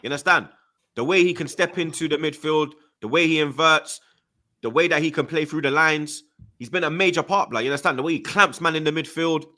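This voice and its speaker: A man's voice: fairly high pitch, a little fast, bright, forceful tone. A young man with a London multicultural accent, hosting a heated football chat, ranting with heavy slang and stuttering when angry. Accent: London multicultural English. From Jamaican heritage, London. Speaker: football podcast host.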